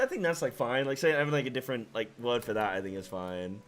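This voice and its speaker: A man's voice: mid-range voice, fairly quick. A man with a mixed English and American accent, streaming a game and chatting casually with his viewers in a rambling way full of restarts. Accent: mixed English and American, shifting. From half English, half American. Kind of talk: casual chat to a live chat while gaming.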